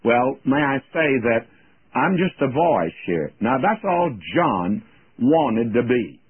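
An older man giving a folksy radio Bible teaching, plain-spoken and slowing down to quote scripture. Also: mid-range voice, big pitch swings, husky, no echo. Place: radio studio. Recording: tinny phone-like radio broadcast, dry.

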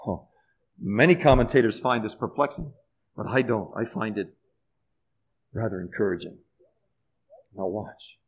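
A middle-aged man preaching a sermon with fervent, repetitive phrasing, often sinking to a hush. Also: on the low side, unhurried, pauses often, breathy edge. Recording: dull lo-fi sermon recording.

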